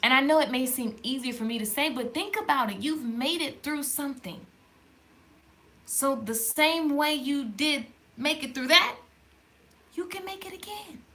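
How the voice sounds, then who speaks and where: A woman hosting a faith-based live stream, talking to the camera in a lively, conversational way and reading viewer comments aloud. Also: high voice, moderate pace. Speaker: livestream host. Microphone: camera in front of her.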